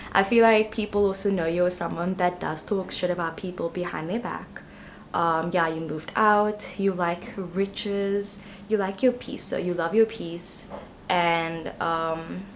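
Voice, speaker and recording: In an unhurried, fairly low voice, a young woman reads tarot casually for the camera. Her talk wanders, loaded with ums and you-knows, and a little background noise can be heard.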